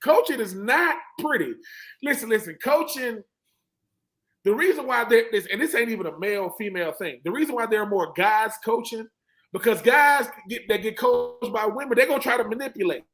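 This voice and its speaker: High-voiced, emphatic male ex-player on a sports panel. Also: animated, moderate pace, a bit bright, low-quality recording. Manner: emphatic, preachy, acts out quotes of coaches and players. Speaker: former college football player, panel guest. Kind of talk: animated sports talk, storytelling.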